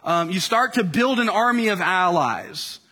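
A man's voice: sits high, expressive, unhurried, sharp tone, long reverb tail. A man preaching a sermon in an easy conversational way, full of fillers and restarts. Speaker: pastor.

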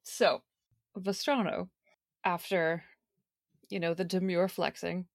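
A woman's voice: fairly low pitch, flat delivery, slow, no echo, clean studio sound. A woman playing in a tabletop game, chatting and laughing while she describes her character's moves. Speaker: player. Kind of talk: casual tabletop play.

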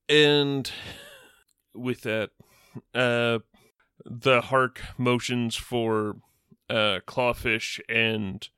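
A man running a tabletop game, narrating in an unhurried, measured way with plenty of fillers. His voice is bright and crisp, recorded dry and close. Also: medium pitch, no echo. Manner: measured, descriptive, with frequent fillers. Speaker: game master.

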